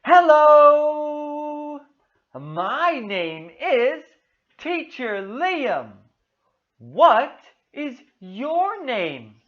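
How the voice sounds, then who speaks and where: A woman's voice: sits high, big pitch swings, highs cut off. A woman teaching a demo English lesson to a young child, giving over-the-top praise, drawing out her words and making animal noises. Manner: exaggerated, enthusiastic praise; slow, drawn-out words.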